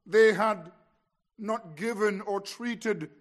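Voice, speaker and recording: A man preaching an expository sermon, telling the story with drama and swinging between hushed lines and emphatic ones. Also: high voice, takes it slowly.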